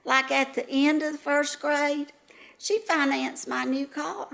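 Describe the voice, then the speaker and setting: A woman's voice: high-pitched, steady tone, unhurried, gravelly, fairly bright tone, full character voice. A woman playing an elderly retired first-grade teacher, rambling through folksy, gossipy stories. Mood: rambling reminiscing. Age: older.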